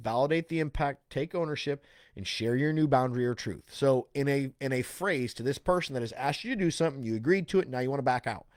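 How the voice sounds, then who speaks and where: A man at a medium pitch talks through self-help advice in a loose, conversational way, full of "like" and quick "right?" check-ins. The sound is dry and close, with no room around it. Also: no room sound. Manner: explains with frequent "right?" and "okay?" check-ins; casual, loose phrasing with restarts and "like".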